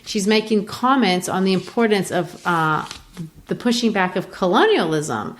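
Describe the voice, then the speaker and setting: A woman's voice: mid-range voice, big pitch swings, normal speed, slight background noise. A woman from Brazil hosting a podcast, explaining a play in a chatty, casual way with frequent restarts. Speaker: podcast host. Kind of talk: casual literature discussion.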